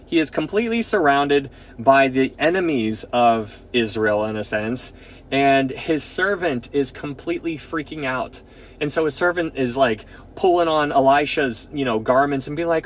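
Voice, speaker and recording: A man leading a casual Bible study, talking in an excitable, rambling way full of restarts. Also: medium pitch, unhurried.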